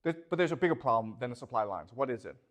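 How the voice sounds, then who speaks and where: A man's voice: medium pitch, animated, very fast. A man giving a classroom lecture, posing rhetorical questions and constantly checking that his students follow.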